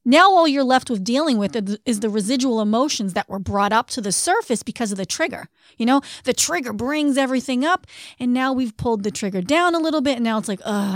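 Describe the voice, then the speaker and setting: A woman co-hosting a podcast, explaining coping steps in an earnest, conversational way and slowing down on key phrases. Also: on the high side, no echo, clean studio sound. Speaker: podcast co-host.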